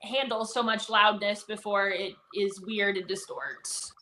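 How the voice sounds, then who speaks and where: A woman's voice: mid-range voice, steady tone, unhurried, bright, forceful tone, rough recording. A woman comedian guesting on a chat show over a phone, telling stories chattily with laughs. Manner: chatty storyteller, lots of fillers and laughs. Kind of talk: casual chat.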